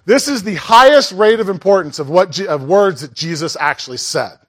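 A man's voice: high-pitched, expressive, fairly quick, fairly bright tone. Conversational male pastor preaching. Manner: conversational, with asides and questions to the congregation. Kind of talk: sermon.

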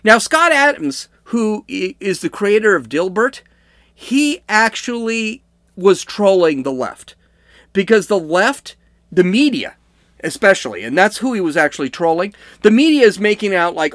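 A man's voice: high-pitched, big pitch swings, normal speed, fairly bright tone, no room sound, studio quality. A man hosting an opinionated commentary show, arguing his point through repeated rhetorical questions. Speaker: political commentary host.

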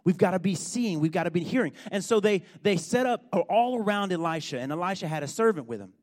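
A man preaching a sermon, telling a story with animated, emphatic build-ups. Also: sits high, fast. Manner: animated storytelling, rising to loud emphatic points.

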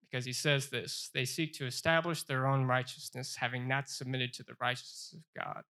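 Man, Bible study teacher, bright voice, earnest, repeats himself and slows down for scripture. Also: mid-range voice, level tone, gravelly. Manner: earnest, repeats phrases, stumbles and restarts; reads scripture aloud with slow emphasis.

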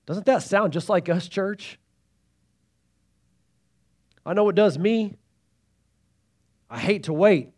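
A pastor with a notably high voice delivers a sermon. He swings between loud, pleading emphasis and hushed asides. He keeps calling out to the congregation for a response. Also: slow, long pauses. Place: church sanctuary.

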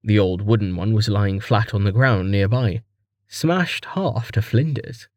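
A male audiobook narrator reading a fantasy web novel in an unhurried, measured way. His voice sits at a middle pitch and sounds dry and close to the mic, with no room sound. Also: no room sound. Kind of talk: scripted narration.

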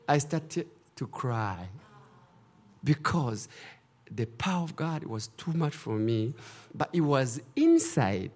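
A man's voice: mid-range voice, big pitch swings, slow pace, a little mellow. A middle-aged man, a pastor telling his testimony in emotional, broken English. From Rwanda. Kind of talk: testimony preaching.

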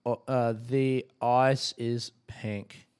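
A man's voice: medium pitch, level tone, drawn-out words, darkish tone, clean tone. A man chatting casually on his own podcast, swearing freely and poking fun at himself. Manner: chatty, swears a lot, self-mocking. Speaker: podcast host. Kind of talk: casual solo podcast chat.

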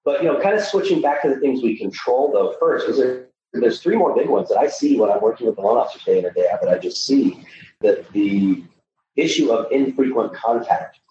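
A man's voice: medium pitch, expressive, brisk, dark tone. A middle-aged man coaching loan officers in a podcast conversation, emphatic, with frequent restarts. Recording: echoey, dull, distant mic with faint noise.

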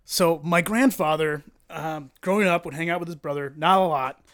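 A man guest on a podcast, telling a long story in a casual, animated way, swearing and laughing often. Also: fairly high pitch, moderate pace.

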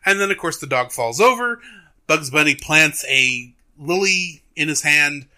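A man chats casually on a review podcast, his voice lifting and dropping with a lot of life as he tells the story. His tone is slightly high and bright, and he breaks into laughter along the way. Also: unhurried. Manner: animated storyteller, laughs often. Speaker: podcast co-host, film reviewer. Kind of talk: casual chat.

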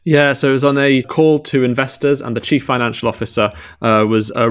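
A male news editor, a guest on a podcast, going over stories in an explanatory way with frequent pauses. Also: medium pitch. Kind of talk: news roundup in conversation.

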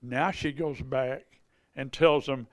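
Here the preacher talks slowly in a mid-range voice, his intonation fairly even. It's a testimony-storytelling sermon about healings, delivered in a folksy, conversational manner full of repeats and restarts. The sound is dry and clean, like a studio.

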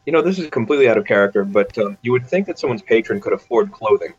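A man cracks jokes out of character during a tabletop game. His husky voice moves around a lot in pitch. The sound is dull and lo-fi. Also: lively intonation, rapid-fire. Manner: wisecracking asides. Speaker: player. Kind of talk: casual joking banter.

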